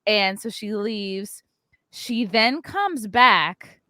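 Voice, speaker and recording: Woman podcast host, animated storyteller, acts out quotes, dry mic. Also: mid-range voice, drawn-out words, no room sound. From New York area. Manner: acts out quotes, frequent "like" fillers.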